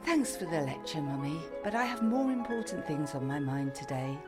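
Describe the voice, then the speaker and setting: A woman's voice: sits low, sing-song, normal speed, over loud music. Woman doing a spirited, wry young woman. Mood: exasperated.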